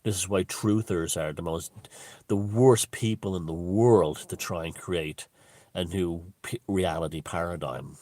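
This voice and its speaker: A man's voice: deep voice, darkish tone, no echo. A man hosting his own video channel, talking in a rambling, profane off-the-cuff monologue with frequent restarts.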